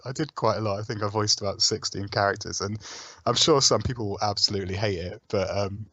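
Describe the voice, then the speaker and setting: Low-voiced man with a sore throat. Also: steady tone, fast, bright, forceful tone, no room sound. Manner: self-deprecating, hesitant with many fillers. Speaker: game developer guest. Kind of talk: casual interview chat.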